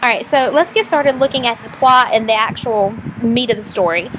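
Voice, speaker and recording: A woman teacher explaining a lesson for a recorded video in a casual, chatty way, often pausing with fillers and restarting her sentences. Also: fairly high pitch, a bit bright, a little hiss or hum. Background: passing trucks.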